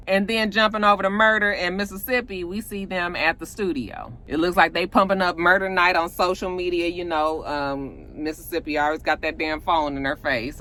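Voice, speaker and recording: A woman from Georgia, casually recapping a TV episode and acting out the characters' lines in quick voices. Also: sits low, fairly even intonation, bright, forceful tone. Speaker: TV recap vlogger.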